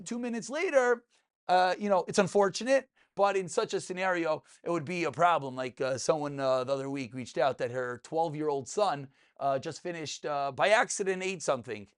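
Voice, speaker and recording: A man teaching a lively class, his voice pitched high and lively. He fires questions at his students, answers them himself and keeps things light with jokes. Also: normal speed. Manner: animated, joking, asks and answers his own questions. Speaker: rabbi teaching a Talmud class. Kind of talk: lively spoken Torah class. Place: class room with live students.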